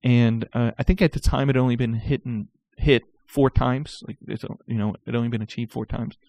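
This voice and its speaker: A man telling stories about his sales career in a casual, animated way, often stammering and restarting his sentences. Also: mid-range voice, brisk, no room sound. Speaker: guest recounting sales career. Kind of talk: casual storytelling.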